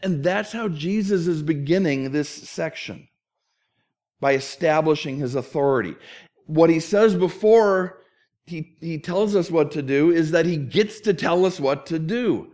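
Animated preacher, a man with a higher voice. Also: unhurried. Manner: animated storytelling with acted-out quotes. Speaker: pastor. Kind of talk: sermon.

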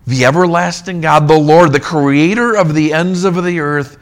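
A man preaching a sermon on scripture, emphatic, rising to near-shouts and dropping low. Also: moderate pace. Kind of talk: expository sermon.

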